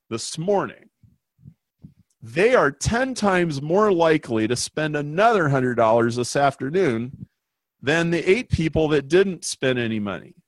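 A man, a business consultant guest, telling a story in an interview with emphatic, animated delivery. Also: fairly high pitch, no echo. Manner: animated, emphatic, acts out quoted voices.

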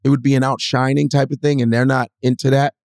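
A male comedian guest telling profane, animated stories in a casual podcast chat. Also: mid-range voice, fast, clean tone, no room sound, clean studio sound.

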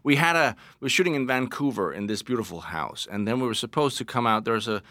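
A man in his forties with a Danish accent, an actor guest telling animated anecdotes in a casual interview, restarting his sentences and laughing often. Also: medium pitch, quick pace, no echo, clean studio sound. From Denmark.

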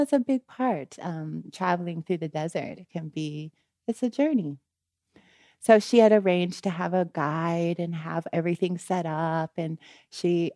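Lower-voiced woman telling a story. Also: no echo, studio quality. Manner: animated retelling, frequent "you know" and "right?"; gets louder and higher when she quotes the people in the story. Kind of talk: casual spoken storytelling.

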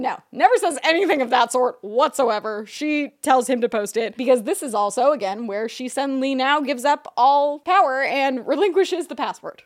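A woman's voice: sits high, expressive, brisk, hardly any pauses. Casual woman recapping a story. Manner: recaps a story casually, swearing now and then. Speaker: podcast co-host. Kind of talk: casual commentary podcast.

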